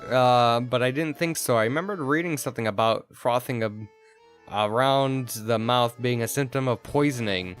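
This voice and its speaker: A man's voice: medium pitch, moderate pace, soft background music, close to an everyday voice. A man voicing a male hunting dog, a hunter who tells his story plainly and matter-of-factly.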